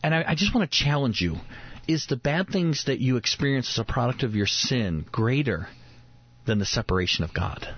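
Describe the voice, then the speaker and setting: A man's voice: medium pitch, expressive, normal speed, slightly rough. A man in his thirties hosting a devotional radio talk, earnest, often repeating words as he builds a point. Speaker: radio host. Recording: dull lo-fi radio recording.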